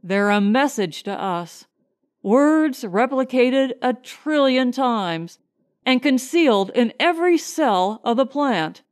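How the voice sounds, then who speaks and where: A woman's voice: a little high, animated, slow pace. A woman narrator voicing a grim, tense male starship scientist in a clipped way.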